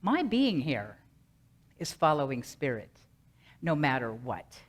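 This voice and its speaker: A middle-aged woman minister giving a sermon, earnest and rhythmic, slowly repeating a mantra. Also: very deep voice, big pitch swings.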